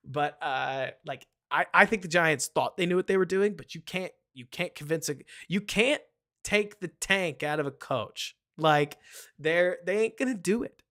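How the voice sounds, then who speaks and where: A man hosts a live sports stream in a fairly high voice. He rambles from point to point and answers viewers by name. His delivery stays animated and casual. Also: normal speed. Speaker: host of a live football stream.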